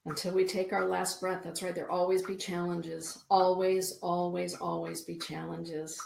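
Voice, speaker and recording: A woman's voice: fairly low pitch, flat delivery, moderate pace, creaky, a little mellow, slight background noise. A middle-aged woman hosting a spiritual live stream, reading viewer comments and oracle cards in a soothing, repetitive way. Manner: soothing, repeats phrases, reads viewer comments aloud. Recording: echoey room.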